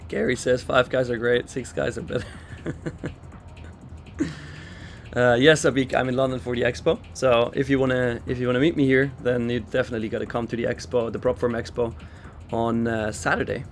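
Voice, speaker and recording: A man's voice: medium pitch, flat delivery, brisk, a little hiss or hum. Chatty male live trading host. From Switzerland. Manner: chatty, reads out and answers viewer chat while trading. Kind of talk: casual live market commentary. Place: in London for a trading expo.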